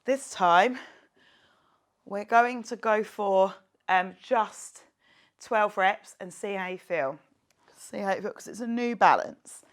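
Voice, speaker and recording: A woman's voice: medium pitch, slow pace, long pauses. A woman fitness instructor leading a guided workout class, joking around as she counts reps and cheers her viewers on. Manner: playful, jokey, counts reps aloud and cheers on.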